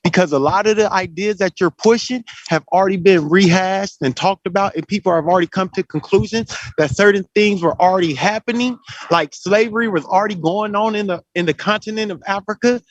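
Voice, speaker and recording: Insistent high-voiced man in a voice chat. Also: a little fast, dry recording. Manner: insistent, talks over others, repeats himself. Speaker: debate participant. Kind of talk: heated group voice chat debate. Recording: dull lo-fi voice chat audio.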